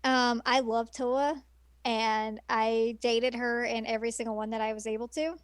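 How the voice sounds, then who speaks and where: A woman co-hosting a casual podcast, talking eagerly and rambling through her thoughts with plenty of fillers. Her voice sits a little high. The sound is dry and close. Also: little pitch movement, moderate pace, clean tone, no echo. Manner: enthusiastic, rambling, laughs often. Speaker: podcast co-host. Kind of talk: casual chat.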